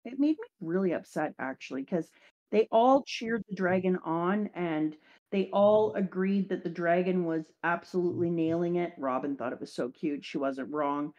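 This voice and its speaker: A woman hosting a casual talk show, recapping an anime episode in lively chat and briefly acting out the characters' lines. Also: lowish voice, normal speed, lo-fi sound. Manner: animated, acts out character lines. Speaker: podcast host.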